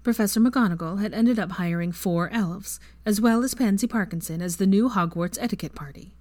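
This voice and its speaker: A woman's voice: medium pitch, brisk. A woman narrating a fan fiction story as its reader. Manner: expressive storytelling. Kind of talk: scripted narration.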